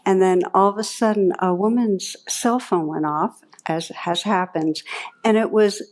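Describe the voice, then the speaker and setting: A woman's voice: medium pitch, a little slow. A woman meditation teacher giving a talk to a live audience, telling anecdotes and reflecting aloud. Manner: warm storytelling, lively when recounting anecdotes.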